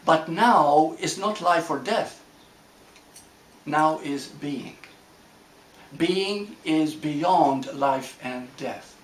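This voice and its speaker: A man giving a reflective spiritual talk to a group, gentle and unhurried, often repeating phrases and checking that listeners follow. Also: fairly high pitch. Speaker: spiritual teacher. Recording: roomy echo with faint ambient noise.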